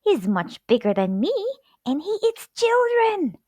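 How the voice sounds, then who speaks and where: A woman voicing a giant's wife, a big, bossy, sharp-tongued woman who scolds in a high, brisk voice, in a storybook reading. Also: huge pitch swings, dry recording, clean studio sound, full character voice. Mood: scolding.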